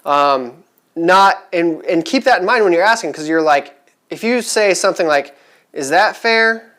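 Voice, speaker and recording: A man's voice: a little high, expressive, moderate pace, fairly bright tone. A man talking casually to camera in a vlog, chatty and rambling with many fillers, upbeat and eager. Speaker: vlogger giving resale advice.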